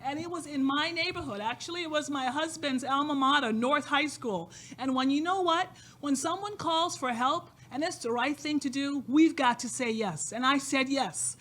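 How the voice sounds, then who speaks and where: A woman's voice: sits high, moderate pace, hardly any pauses, fairly bright tone, a little hiss or hum. A woman who founded a youth program gives an emphatic, inspirational speech from an event stage, repeating phrases for emphasis. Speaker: nonprofit founder speaking at a fundraiser. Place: event stage with a live audience.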